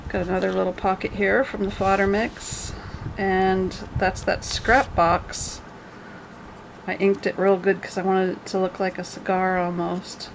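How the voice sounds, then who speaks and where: A woman's voice: mid-range voice, level tone, unhurried, vocal fry, slight background noise, rough recording. A woman casually walking through her handmade journal page by page, chatty and rambling with jokey asides. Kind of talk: casual show-and-tell.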